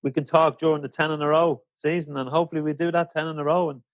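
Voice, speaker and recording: A man's voice: a little high, flat delivery, fast, dry recording, lo-fi sound. A man hosting a fan podcast, interviewing a guest in a friendly, bantering way. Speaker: podcast host. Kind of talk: casual interview chat.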